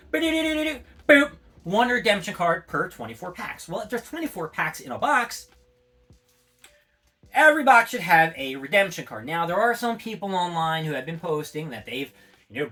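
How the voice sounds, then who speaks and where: Man, casual vlog rant, excitable, cursing, sound effects, slightly high pitch, faint background music. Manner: excitable, swears freely, adds sound effects. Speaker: collectibles vlogger. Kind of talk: casual rambling monologue.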